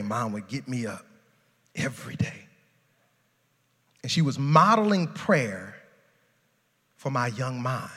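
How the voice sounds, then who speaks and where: A male pastor a sermon, dropping low and soft, then rising to loud, high shouting. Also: in a large hall. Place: large church sanctuary.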